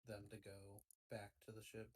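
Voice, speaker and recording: A man's voice: lowish voice, completely flat delivery, moderate pace. A man playing a tabletop role-playing game, speaking hesitantly with many fillers. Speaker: player. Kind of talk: casual tabletop play.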